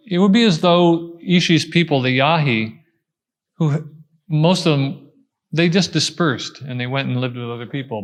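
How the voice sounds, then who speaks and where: Man giving a thoughtful answer. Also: medium pitch. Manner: thoughtful, explaining step by step with frequent pauses and restarts. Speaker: invited speaker answering audience questions. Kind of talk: unscripted explanatory answer at a talk.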